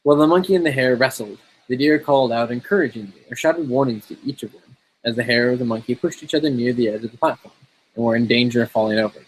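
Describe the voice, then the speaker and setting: A man casually reading a fairy tale aloud in a relaxed, steady way. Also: medium pitch, fast, slight background noise, rough recording. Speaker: storyteller.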